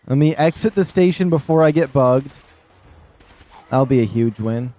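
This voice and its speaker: A man's voice: mid-range voice, lively intonation, moderate pace, mellow. A man streaming a video game live, chatting casually and rambling, often laughing, on a desk microphone. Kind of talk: casual live gameplay commentary.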